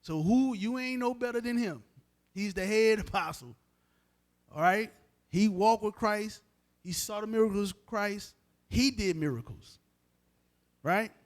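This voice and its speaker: A man's voice: high voice, unhurried. A man preaching a sermon in a casual, emphatic way, speaking straight to his listeners. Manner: informal, emphatic, talks straight to the crowd. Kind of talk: street-style sermon teaching.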